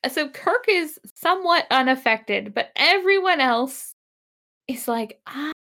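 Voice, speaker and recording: A woman's voice: high-pitched, animated, measured pace, sharp tone. A woman co-hosting a casual podcast chat, recapping a TV episode with sarcasm and frequent laughter. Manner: sarcastic, laughing, acts out characters' lines. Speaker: podcast co-host.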